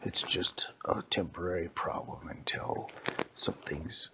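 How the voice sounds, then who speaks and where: A man doing a low soothing papa bear. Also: fairly even intonation, measured pace, whispered, poor audio. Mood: reassuring. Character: calm, reassuring male papa bear. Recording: clear background hiss.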